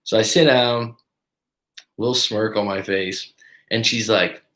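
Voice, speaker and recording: A man coaching people through breakups tells a personal story in a casual, animated way and acts out what others said. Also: lowish voice, unhurried. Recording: roomy echo.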